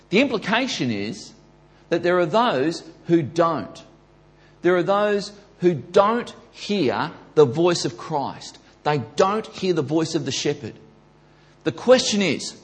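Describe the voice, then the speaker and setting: A man preaching a sermon, building to loud emphatic peaks and repeating his key questions. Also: sits high. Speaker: pastor.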